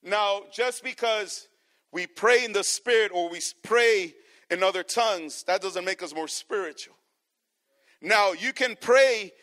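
Male pastor with a very high voice, preaching slowly and deliberately, dropping to quiet passages and rising to loud ones. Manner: preaching, swinging from soft to loud; addresses the congregation as church. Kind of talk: sermon.

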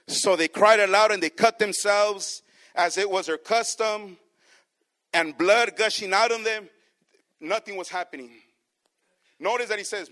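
A man's voice: high-pitched, normal speed, long pauses, pushed and bright. A male preacher delivering a sermon. He reads scripture aloud, stretches key words for emphasis, and keeps calling out questions to the congregation.

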